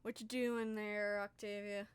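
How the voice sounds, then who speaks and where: Slow-talking young woman game master. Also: medium pitch, little pitch movement, clear, resonant tone, no room sound. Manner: laughing, loose, swearing casually. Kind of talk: running a tabletop game.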